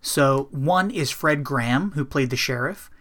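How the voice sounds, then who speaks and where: A man's voice: medium pitch, unhurried. A man with a mid-range voice co-hosting a movie podcast in an easygoing, conversational way. He talks casually and laughs now and then. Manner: relaxed, conversational, occasional laughs. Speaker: podcast co-host. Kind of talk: casual chat.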